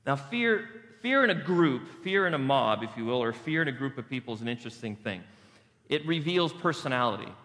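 A man's voice: medium pitch, animated, fairly quick, fairly bright tone. A male pastor preaching a sermon in an emphatic, repetitive, conversational way. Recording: long reverb of a large hall.

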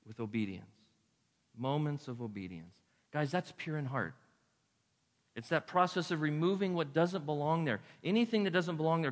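A man preaching a lively sermon as a pastor, telling stories and acting out voices. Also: on the high side. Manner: lively storytelling with acted-out voices. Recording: echoey hall.

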